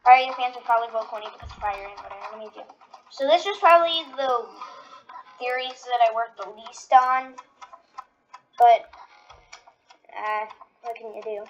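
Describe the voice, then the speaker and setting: A woman's voice: a little high, moderate pace, pauses often, lo-fi sound, soft background music. A woman giving casual reaction-video commentary, rambling with lots of fillers. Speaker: video creator.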